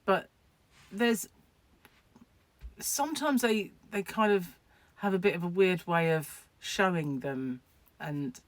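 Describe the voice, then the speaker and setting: A woman's voice: medium pitch, no echo. A woman chatting casually to camera at home, rambling and laughing at her own asides. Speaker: crochet vlogger.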